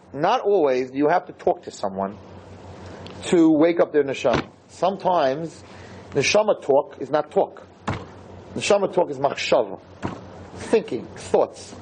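A man giving a Torah lecture to listeners, telling a story with animated emphasis and repeated phrases. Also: fairly high pitch, a little hiss or hum, low-quality recording.

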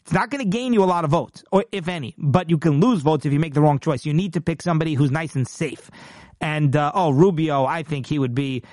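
A man's voice: fairly high pitch, a little fast, a little mellow, no echo, studio quality. A man hosting a political commentary show, talking emphatically and indignantly, often restarting and putting on voices to mock-quote people.

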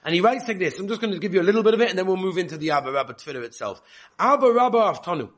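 A man's voice: high-pitched, rapid-fire. A man giving a spoken Torah class, reading Hebrew texts aloud and explaining them in with frequent repetitions. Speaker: Torah teacher.

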